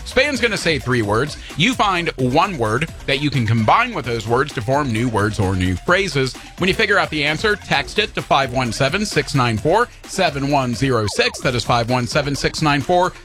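A man's voice: mid-range voice, soft background music. A man hosting a rock radio show, joking with his co-host and reading a contest with a phone number. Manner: lively, jokey, quick to laugh.

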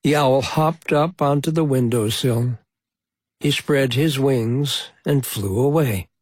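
A man reading a children's storybook aloud in a slow, gentle, measured way. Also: medium pitch, breathy edge, dry recording. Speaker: storybook reader.

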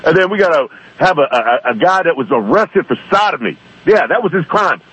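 A man's voice: on the high side, expressive, brisk, a bit bright, husky. A man calling in to a radio show by phone, ranting indignantly and fired up. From East Baltimore. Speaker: caller. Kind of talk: phone-in rant. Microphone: telephone. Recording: muffled phone line.

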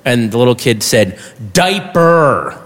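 A man doing a stand-up comedy set, animated and bursting into shouted punchlines, on a stage before an audience. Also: a little high, normal speed. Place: large hall with audience. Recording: live hall with crowd noise.

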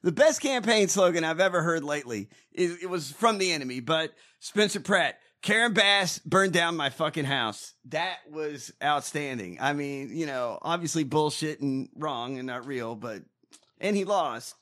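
A man co-hosting a political talk show, reacting loudly and swearing often. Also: a little high, moderate pace. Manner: loud, excitable, swearing, shouts and laughs at clips. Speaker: podcast co-host. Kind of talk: profane political banter.

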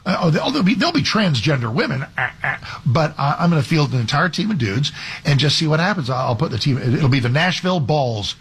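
A man's voice: on the high side, sing-song, fast, fairly bright tone, breathy edge. A man hosting a talk radio show as a fill-in, talking in a conversational, argumentative way with frequent restarts. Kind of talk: conservative talk radio commentary.

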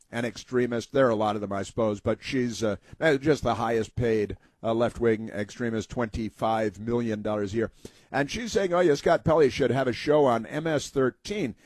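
A man hosting a talk radio show, giving sarcastic, halting opinion commentary with frequent restarts. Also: medium pitch, a little mellow, no room sound.

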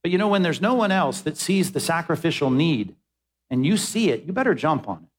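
A man's voice: a little high, sing-song, brisk, breathy edge. A man preaching a sermon as pastor, emphatic, repeating words as he presses his points.

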